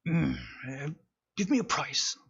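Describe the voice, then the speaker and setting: A man's voice: a little high, expressive, slow pace, vocal fry, a bit bright, husky, highs cut off, pitched above the performer's own voice, exaggerated voice. A man voicing a polite male shopkeeper in a tabletop game, who haggles with hesitant, apologetic replies.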